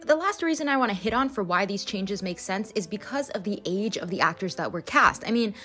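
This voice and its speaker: A young woman hosting a scripted video essay, animated and playful, with quick asides to the viewer. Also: mid-range voice, faint music behind.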